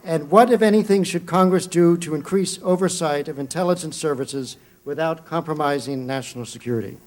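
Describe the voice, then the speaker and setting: A male moderator with a somewhat high voice puts questions to a candidate panel. He is brisk and businesslike. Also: darkish tone. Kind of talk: moderating a forum.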